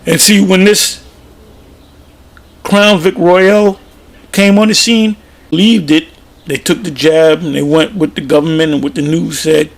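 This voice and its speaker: A man's voice: a little high, steady tone, measured pace, vocal fry, long pauses. A man giving informal religious commentary, plain-spoken and emphatic, often repeating himself. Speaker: preacher.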